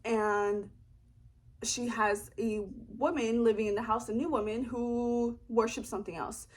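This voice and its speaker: A woman's voice: a little high, little pitch movement, measured pace. A young woman vlogging from her apartment, telling a story casually, rambling and swearing freely. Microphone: camera in front of her.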